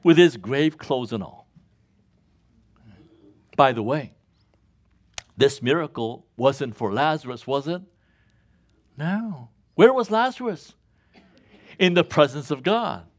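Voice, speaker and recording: Speaking slowly and pausing often, a pastor preaches a sermon, reading scripture aloud and prompting the congregation to finish his lines. He chuckles a lot, and his pitch climbs when he gets animated.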